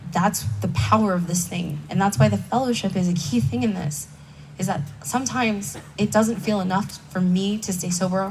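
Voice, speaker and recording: A woman's voice: on the low side, darkish tone. A young woman speaking candidly at a recovery meeting, telling her personal story in a conversational way with self-mocking asides. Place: conference hall stage. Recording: distant mic with faint background noise.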